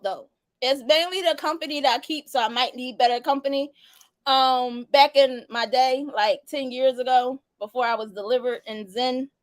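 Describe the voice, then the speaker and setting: A woman's voice: high-pitched, fairly bright tone, no room sound. A young adult woman hosting a casual live-stream chat, laughing and teasing as she reads viewer answers. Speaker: host.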